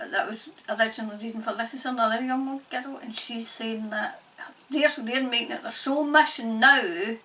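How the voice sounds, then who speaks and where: A woman giving a spirit-channelling reading in halting, repetitive, murmured phrases. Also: fairly high pitch, sharp tone. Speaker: tarot reader and medium. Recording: distant mic, faint background noise.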